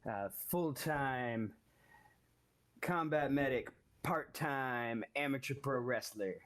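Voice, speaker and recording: A man speaks slowly as he introduces himself as a player, joking with some fillers. His pitch sits in the middle. It sounds like a home mic on a live stream. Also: a bit bright. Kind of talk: casual chat.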